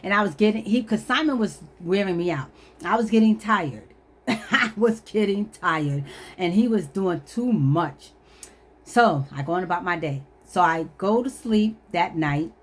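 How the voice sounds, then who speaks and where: A woman vlogger telling a personal story in an animated, emphatic way, often laughing at herself. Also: on the low side, normal speed. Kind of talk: storytelling testimony.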